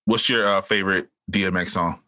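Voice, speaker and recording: Laid-back, bright-voiced man in his forties hosting. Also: sits low, fairly even intonation, a little fast, dry recording. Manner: laid-back, laughs often, stammers on restarts. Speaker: podcast host. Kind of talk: casual chat.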